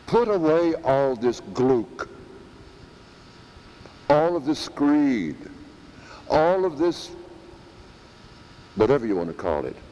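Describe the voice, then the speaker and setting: A man delivers a sermon in a slow, deliberate way, his pitch swinging widely as he leans on key words. He repeats phrases for emphasis. His voice carries a long reverb from a church hall, with faint background noise. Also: big pitch swings, mellow, dull audio. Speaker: preacher.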